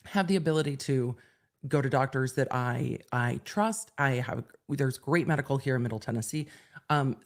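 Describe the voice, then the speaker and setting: A woman in her forties with a low voice talks to her viewers in a loose, rambling way. She laughs easily and hosts a casual livestream from a home studio. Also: darkish tone. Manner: chatty, rambling, quick to laugh. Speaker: livestream host.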